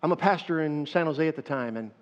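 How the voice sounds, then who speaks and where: A man's voice: a little high, quick pace. A man in his fifties preaching a sermon, telling stories animatedly and talking directly to his congregation. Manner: animated storytelling, addressing the congregation. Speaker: pastor. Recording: echoey hall, dull lo-fi sound.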